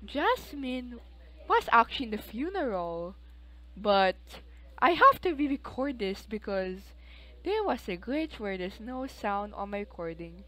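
This let's play host's slightly high voice is sing-song, bright, and forceful, and she speaks unhurriedly over a low-quality recording. She gives rambling, chatty commentary on her life-simulation game, exclaiming often.

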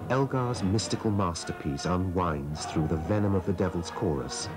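Deep-voiced man narrating over music. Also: moderate pace.

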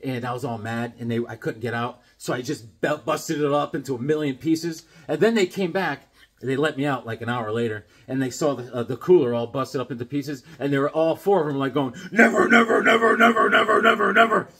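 A comic collector vlogger in middle age speaks in a husky, mid-range voice, a little fast. Unboxing his new comics, he rambles eagerly and voices characters while telling stories.

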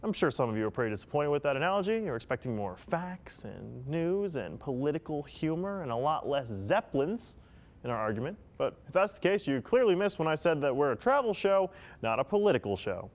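Male comedy host, high voice, lively pitch, theatrical, exasperated. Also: a little fast. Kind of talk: scripted comedy hosting.

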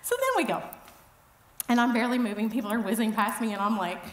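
A middle-aged woman with a fairly high voice tells stories at an event, chatty and self-mocking. Her animated delivery rings out in a roomy, echoey hall. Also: fast, slight background noise. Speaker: event speaker. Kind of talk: humorous storytelling talk.

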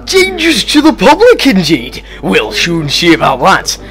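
A stout, bossy railway boss who blusters and huffs, put on by a man with a Scottish accent. The voice sits higher than usual and jumps about lively, with faint music behind. A storybook figure. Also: moderate pace. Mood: indignant. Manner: blustering, indignant.

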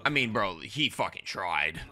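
A young man doing live reaction commentary on an anime, excitable and profane, shouting at the screen. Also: low-pitched, measured pace, soft background music.

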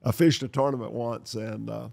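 An older man from North Carolina, hosting a podcast and telling lively stories, acting out the dialogue as he goes. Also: medium pitch, normal speed, creaky, husky. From North Carolina, USA. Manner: lively storyteller who acts out dialogue and laughs. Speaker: podcast host. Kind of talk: storytelling podcast chat.

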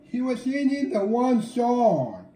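A young man chats slowly through an unboxing, restarting and repeating his phrases as he goes. His voice sounds mellow and soft-edged. The recording has a roomy echo. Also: extremely high pitch, big pitch swings. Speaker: co-host of an unboxing channel. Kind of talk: casual unboxing chat. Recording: echoey room.

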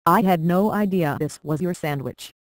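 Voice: medium pitch, moderate pace, no room sound, natural voice. A plucky cartoon mouse farmer, male and cheerful, as a storybook narrator reads him aloud. The lines come evenly in a mid-range voice with a dry, close sound. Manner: plain read-aloud dialogue. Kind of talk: storybook reading.

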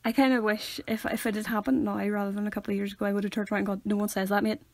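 Giggly Northern Irish woman with gravelly fry. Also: mid-range voice, steady tone, very fast, no echo. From Northern Ireland. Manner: playful, bursts into loud giggling. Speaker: podcast co-host. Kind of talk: casual chat.

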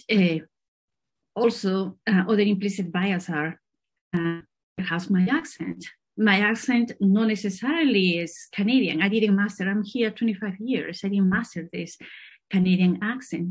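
A middle-aged woman scientist from Peru, answering interview questions in a halting way with many fillers and restarts. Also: medium pitch, a little mellow, slightly rough. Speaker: scientist guest.

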